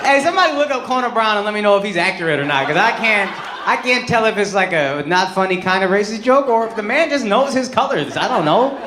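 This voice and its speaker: A man doing stand-up crowd work, loud and profane, breaking into shouts. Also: high voice, expressive, fast, noisy background. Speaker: stand-up comedian. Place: live comedy venue with audience. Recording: roomy live venue with loud crowd.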